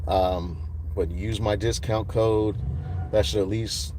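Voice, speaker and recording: A man's voice: on the low side, steady tone, takes it slowly, background noise. A man hosting a casual livestream outdoors at night, rambling with many fillers and greeting viewers by name. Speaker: livestream host.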